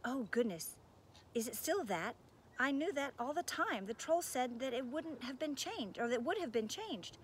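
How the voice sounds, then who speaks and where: A brave, kind storybook girl, earnest and firm, her questions pitched up high and bright, as a woman reader puts her on. Faint hiss sits under the reading. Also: animated, normal speed. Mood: puzzled.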